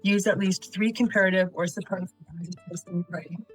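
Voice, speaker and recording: A woman's voice: fairly low pitch, fairly even intonation, fast talker, rough recording. A woman teaching essay writing, who works through example sentences and practice exercises one at a time in a patient, methodical way. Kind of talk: instructional lesson narration. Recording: light guitar music behind.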